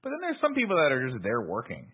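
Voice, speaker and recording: A man's voice: mid-range voice, wildly swooping pitch, fast talker, husky. A man co-hosting a podcast, casually recapping a movie plot, swearing freely and acting out quoted lines. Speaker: podcast co-host. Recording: tinny phone-like audio.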